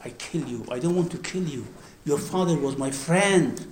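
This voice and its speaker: A man voicing a boastful, fierce male warrior who taunts his foes in a loud, raised voice. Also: on the high side, moderate pace, reverberant, natural voice. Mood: dismissive.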